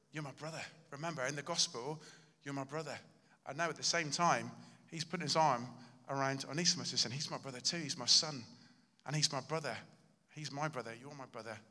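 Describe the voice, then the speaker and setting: A man's voice: medium pitch, sharp tone, big-room sound. A male pastor preaching a sermon, earnest and emphatic, acting out the lines he quotes.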